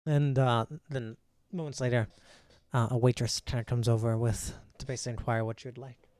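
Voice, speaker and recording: A man narrating a tabletop game as game master in a relaxed, filler-heavy way. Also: medium pitch, a little fast, dry recording.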